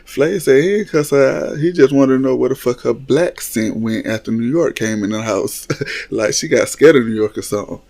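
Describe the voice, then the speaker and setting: A man hosts a casual reality TV recap, bluntly mocking what he watched and laughing often as he goes. His voice is medium-pitched, gravelly and a little mellow, at a moderate pace.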